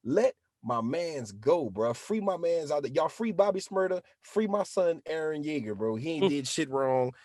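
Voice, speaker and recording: A man co-hosting a casual podcast, his voice pitched a little high. He talks in an animated, slangy way and breaks into acted-out quotes. The mic is dry and close. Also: normal speed, hardly any pauses, no room sound. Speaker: podcast co-host. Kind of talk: casual chat.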